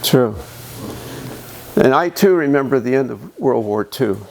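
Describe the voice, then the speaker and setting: Old guy docent, gravelly voice, stops and restarts a lot, gets choked up. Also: mid-range voice, animated, a little mellow, a little hiss or hum. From United States. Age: older. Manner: reminiscing, emotional, halting with restarts. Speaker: museum docent. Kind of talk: panel storytelling. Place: museum meeting room.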